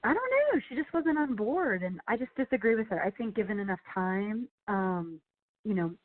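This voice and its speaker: A woman's voice: mid-range voice, expressive, normal speed. A woman talking as a guest author in a casual interview, telling stories in a chatty way full of "you know" and "like". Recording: phone line.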